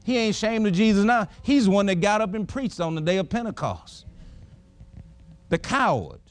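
A man's voice: sits high, very animated, normal speed. A middle-aged man preaching a sermon, folksy and emphatic, chuckling as he tells personal stories.

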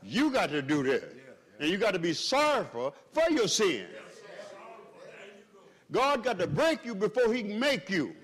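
Male pastor, fiery sermon delivery, swings between loud peaks and quiet stretches, slightly higher voice. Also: wildly swooping pitch, a little slow, long pauses. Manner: preaching with swells in pitch and volume, calls to the congregation.

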